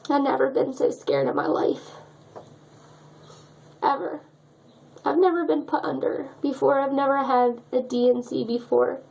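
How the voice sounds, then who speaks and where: A woman's voice: sits high, animated, measured pace, creaky, pauses often, darkish tone, low-quality recording. A young woman telling a personal story in a vlog, emotional and choked up as she talks. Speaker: vlogger.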